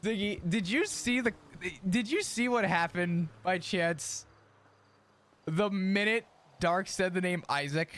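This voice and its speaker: Male streamer in roleplay, slightly high voice, sweary, rants and laughs. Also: expressive, slow pace, fairly bright tone. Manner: profane, ranting, laughs often. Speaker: streamer role-playing his character. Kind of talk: in-character roleplay chat.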